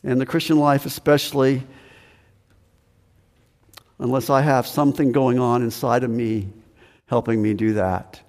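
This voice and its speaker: A man's voice: mid-range voice, fairly even intonation, measured pace, long pauses, a little mellow, in a large hall. A male pastor preaching a sermon in an earnest, repetitive way.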